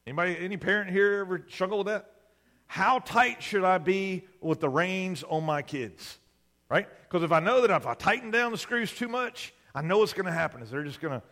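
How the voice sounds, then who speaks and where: A male pastor preaches a sermon conversationally, often asking the congregation "right?" His voice sits high and a bit bright, echoing in a large hall.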